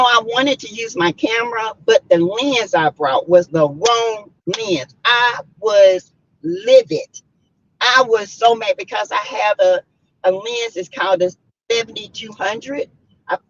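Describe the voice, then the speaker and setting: A woman hosting a casual live stream, chatting and greeting viewers by name. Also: medium pitch. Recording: dull lo-fi stream audio.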